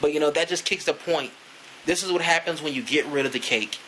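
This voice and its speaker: A man's voice: a little high, a little fast, noisy background. A man ranting casually to camera as a sports fan, profane and rambling, with lots of "you know" fillers.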